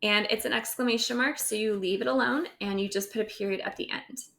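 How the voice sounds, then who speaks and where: A woman's voice: medium pitch, fairly even intonation, a little fast, vocal fry, a bit bright. A woman teacher recording a grammar lesson over slides, explaining step by step and often checking in with "right?".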